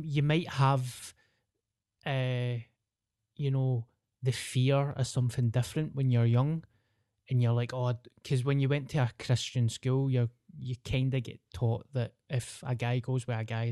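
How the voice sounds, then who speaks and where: A man's voice: mid-range voice, dark tone, dry recording, studio quality. A young Scottish man, a comedian, chatting on a podcast and telling stories in broad dialect with plenty of swearing. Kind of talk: casual chat.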